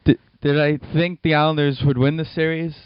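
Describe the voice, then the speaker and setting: A man co-hosting a casual sports podcast, chatty and quick to laugh, running the show's plugs and segues. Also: fairly high pitch, flat delivery, clean tone, dry recording, dull audio. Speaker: podcast co-host.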